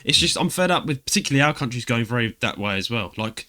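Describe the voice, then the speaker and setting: A man's voice: mid-range voice, quick pace. A man with a Cockney accent co-hosting a podcast, chatting casually, ranting and reading gaming news with frequent laughs. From United Kingdom. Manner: lively, ranting, laughs often. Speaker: podcast co-host.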